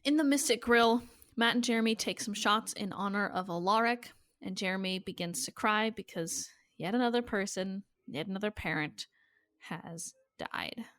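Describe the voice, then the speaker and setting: A woman of middle pitch co-hosting a podcast, walking through a TV episode scene by scene. She tells the plot in steady narrative runs and drops casual swearing throughout. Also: moderate pace, no echo, studio quality. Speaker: podcast co-host. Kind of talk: casual chat recapping a TV episode.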